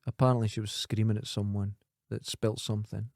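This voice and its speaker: A man with a Scottish accent co-hosting a casual podcast, blunt and jokey and quick to mock. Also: lowish voice, flat delivery, vocal fry, darkish tone, dry recording, studio quality. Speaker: podcast co-host.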